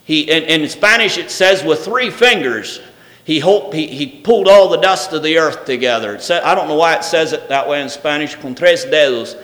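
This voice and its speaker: A man preaching a sermon. He reads scripture aloud, then shifts between loud, emphatic proclamation and soft, intimate speech. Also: on the high side, animated, normal speed. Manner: reads scripture aloud in old-fashioned wording. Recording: reverberant hall.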